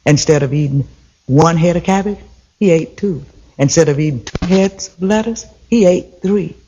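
A man's voice: a little high, moderate pace, dark tone, dull audio. A man telling a folktale as a storyteller, in a rhythmic, repetitive, folksy way.

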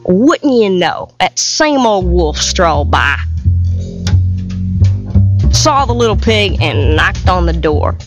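A woman telling a fairy tale in a folksy, lively storytelling voice, full of homespun comparisons. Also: on the low side, takes it slowly, long pauses. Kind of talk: storytelling to music. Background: loud music.

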